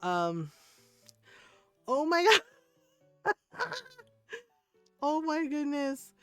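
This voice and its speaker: A woman's voice: high voice, big pitch swings, extremely slow, no room sound, soft background music. A middle-aged woman streaming a game who tells stories casually, laughing often and checking in with "right?". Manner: chatty, laughs often, keeps saying "right?". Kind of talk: casual storytelling while playing.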